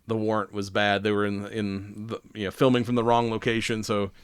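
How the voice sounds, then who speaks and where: A man's voice: on the low side, little pitch movement, fairly quick, clean tone, no room sound, clean studio sound. A man hosting a podcast, chatting loosely with lots of swearing and laughter. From Southern United States. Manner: loose and rambling, swears a lot, laughs often. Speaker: podcast host. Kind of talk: casual chat.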